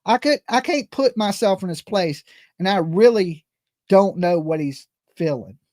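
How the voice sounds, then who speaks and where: A man's voice: high voice, lively intonation, measured pace, darkish tone, dry recording, studio quality. Earnest rambling man hosting a livestream. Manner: rambling, earnest, repeats himself. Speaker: true-crime livestream host. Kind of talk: casual livestream commentary.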